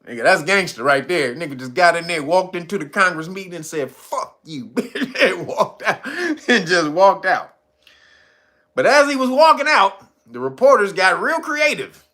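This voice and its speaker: A man's voice: sits high, normal speed. A man giving casual comedic commentary, swearing freely and laughing constantly. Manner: profane, laughs constantly, animated.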